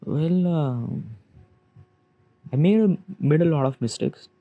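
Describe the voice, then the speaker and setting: A man, giving a halting, rambling confessional monologue in which he questions himself aloud. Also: on the high side, animated, dry recording, narrow, tinny audio. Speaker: vlogger. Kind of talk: confessional self-talk monologue.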